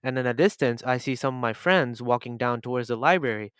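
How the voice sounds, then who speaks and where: A man's voice: medium pitch, brisk, fairly bright tone, clean tone, dry recording. A young man telling a story-time vlog over gameplay, casual and exasperated, with some swearing. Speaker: YouTuber.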